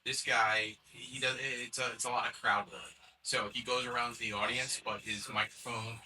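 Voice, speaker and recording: A man's voice: medium pitch, level tone, normal speed, bright, forceful tone. A man in his thirties, co-host in a casual podcast chat, chatty and stammering as he pushes his points. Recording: distant mic, faint noise.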